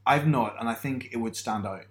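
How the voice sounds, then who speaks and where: A man's voice: mid-range voice, fairly quick. A man from Northern Ireland in a casual podcast chat, telling stories with self-mocking humour and frequent laughs.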